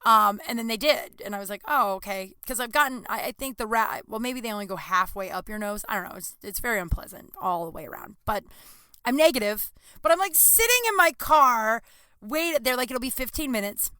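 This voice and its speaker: A woman's voice: a little high, a little fast, smooth, no room sound. A young adult woman hosting a casual solo podcast, rambling and swearing freely as she tells stories. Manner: rambling, profane, animated storytelling with frequent laughs. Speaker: podcast host.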